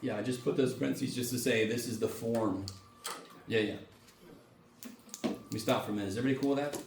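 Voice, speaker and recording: A man's voice: mid-range voice, quick pace, vocal fry, recorded from a distance. Male math lecturer, loose and jokey with salty language, recorded from across an echoey classroom with faint room hum. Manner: casual, joking, swears freely, animated.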